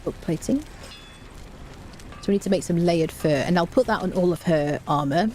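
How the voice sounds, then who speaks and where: A woman's voice: lowish voice, normal speed, darkish tone, slight background noise. A woman chatting casually on a live game stream, reading out chat and humming to herself.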